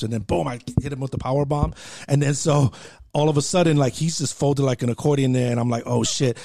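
A man's voice: medium pitch, fast. A young adult man in casual podcast chat, telling stories with lots of laughter and acted-out quotes. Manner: animated storyteller, laughs often, acts out quotes.

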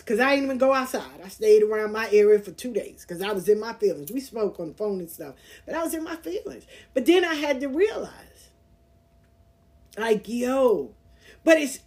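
A woman in her forties hosting a casual monologue, speaking bluntly and candidly as she tells personal stories. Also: sits high. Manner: candid, blunt, animated storytelling with profanity. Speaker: podcast host.

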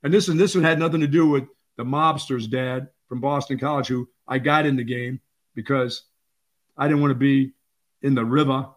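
An older man co-hosting a sports talk show, telling lively stories and acting out quotes. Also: medium pitch, moderate pace. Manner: animated storyteller, acts out quotes. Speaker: sports radio co-host.

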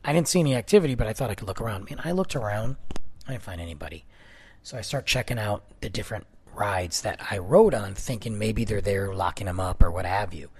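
Husky and fairly low, the voice belongs to a Detroit-area man in his thirties or forties who speaks fast. He relates a personal story in a loose, lively way, swinging between excited outbursts and hushed moments.

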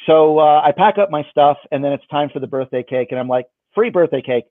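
A magician tells a story in a lively, joking manner, his voice fairly high. The line is dry and narrow, like a phone call. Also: fast, no echo. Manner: animated, jokey storyteller. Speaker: magician, guest. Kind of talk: casual storytelling.

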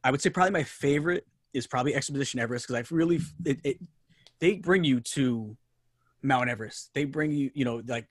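New york guy talking fast and excited, rambles a lot, mid pitch. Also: dry recording, clean studio sound. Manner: enthusiastic, rambling with many restarts. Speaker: podcast guest. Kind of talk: casual chat.

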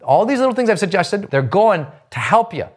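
A man's voice: high-pitched, very animated, a little fast. A man teaches confidence as a motivational coach. He pushes his points with emphatic swings, and his voice sits a little above the usual male range. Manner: emphatic, rising and falling delivery.

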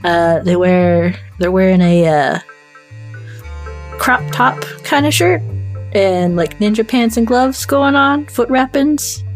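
Casual woman describing her game character. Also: mid-range voice. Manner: hesitant, with fillers. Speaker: player. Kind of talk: casual tabletop role-play chat.

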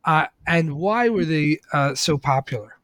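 Halting male interviewer, dry sound. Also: fairly high pitch, animated, a bit bright, no room sound. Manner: halting, many restarts. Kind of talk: interview questions.

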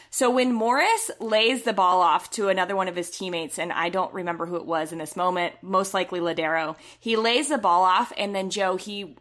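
Animated female co-host, mid pitch, talkative with fillers and a sarcastic edge. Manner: chatty, animated, many fillers, a bit sarcastic. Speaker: podcast co-host. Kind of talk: casual soccer podcast chat.

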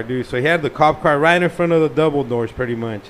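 A young man telling a profane, animated story in casual slang. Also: medium pitch, brisk, a little hiss or hum.

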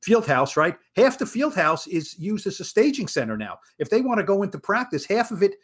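A sportswriter co-hosting a podcast talks in animated, rushing bursts and keeps restarting his sentences. His voice sits a bit high for a man. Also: slightly rough. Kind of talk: casual sports podcast chat.

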